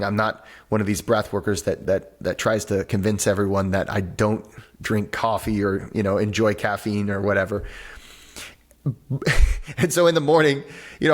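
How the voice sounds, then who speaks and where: Animated man explaining breathwork. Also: on the low side. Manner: animated explainer, acts out little voices, many restarts. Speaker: breathwork teacher and author, podcast guest. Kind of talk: conversational interview on a podcast. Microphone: video call.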